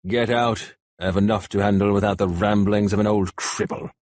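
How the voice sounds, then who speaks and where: A man voicing a cold, mocking male warlord who speaks slowly and deliberately. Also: fairly low pitch, fairly even intonation, darkish tone, no echo, studio quality, close to an everyday voice.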